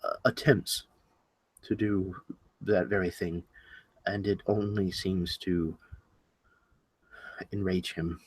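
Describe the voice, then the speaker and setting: A man doing a quiet, anxious white rabbit. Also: lowish voice, slow pace, husky, exaggerated voice. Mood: uneasy. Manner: quiet, hesitant.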